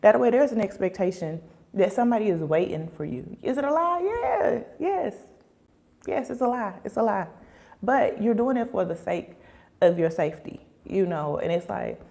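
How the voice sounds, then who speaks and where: A young woman hosting a casual livestream, talking in an animated way with lots of fillers and acting out quoted voices. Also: mid-range voice, normal speed, creaky.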